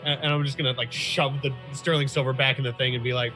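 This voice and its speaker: A man's voice: medium pitch, steady tone, fast talker, pushed and bright, soft background music. A man playing in a tabletop game, talking hesitantly with lots of fillers as he describes his moves. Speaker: player.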